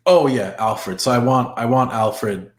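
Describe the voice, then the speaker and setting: A man's voice: medium pitch, unhurried, roomy sound. A man co-hosting a podcast in casual, rambling chat, swearing freely. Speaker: podcast co-host.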